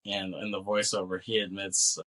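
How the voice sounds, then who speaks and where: A man's voice: deep voice, little pitch movement, normal speed, pushed and bright. A man co-hosting a podcast, casually retelling a film's plot and acting out the characters' lines with laughs and swearing. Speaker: podcast co-host. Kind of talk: casual movie recap chat.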